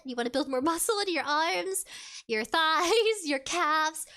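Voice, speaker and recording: Bright, high-voiced woman streamer. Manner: chatty and rambling, with frequent fillers. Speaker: VTuber streamer. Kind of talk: casual live-stream chat.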